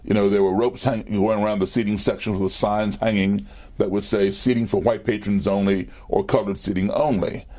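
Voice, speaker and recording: A man with a lowish voice tells a long backstage story as an interview guest. He talks in easy conversation, piling up fillers and little restarts as he goes. It sounds like a television studio sit-down. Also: normal speed. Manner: animated anecdotes with fillers and restarts.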